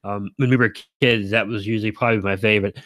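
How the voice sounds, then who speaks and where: A man's voice: lowish voice, steady tone, fast talker, fairly bright tone, no room sound. A man streaming to his viewers in casual livestream chat, rambling and correcting himself, with frequent chuckles.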